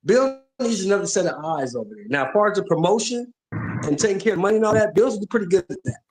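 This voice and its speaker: A man's voice: sits high, big pitch swings, fast, a little mellow, poor audio. A man co-hosting a boxing talk show, speaking emphatically and agreeing with the host.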